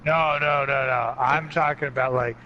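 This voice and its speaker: A man with a Californian accent, co-hosting a casual podcast, teasing and swearing with drawn-out fillers. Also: mid-range voice, steady tone, lo-fi sound, over a noisy crowd. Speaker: podcast co-host. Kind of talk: casual banter. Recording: clear background noise.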